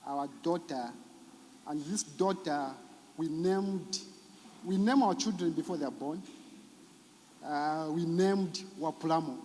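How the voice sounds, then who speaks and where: A man, a psychologist giving an emotional, preaching-style talk at a church event. He moves between loud exclamations and very soft lines. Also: a little high, slight background noise. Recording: reverberant hall.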